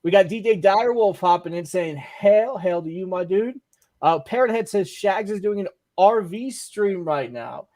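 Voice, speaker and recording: Man, high voice, podcast host, casual live-stream chat, reads chat messages, joking. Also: lively intonation, moderate pace, darkish tone.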